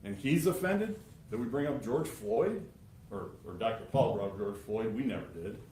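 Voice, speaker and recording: A man's voice: lowish voice, lively intonation, normal speed, warm tone, slight background noise. A man giving a prosecutor's closing argument to a jury, emphatic and sarcastic. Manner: emphatic and sarcastic, addressing jurors. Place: courtroom. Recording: echoey courtroom sound.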